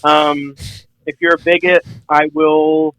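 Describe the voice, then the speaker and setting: A man's voice: on the high side, little pitch movement, slow pace, a bit bright, no room sound, low-quality recording. A young man co-hosting a podcast in casual chat, jokey and full of filler words. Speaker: podcast co-host.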